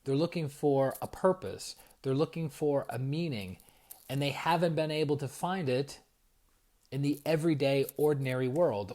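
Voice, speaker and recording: A man in his forties hosting a casual evening livestream as a spiritual coach, telling stories in a rambling, lively way and greeting viewers by name. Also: medium pitch. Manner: animated storyteller, rambling with restarts and viewer shout-outs. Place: home at night.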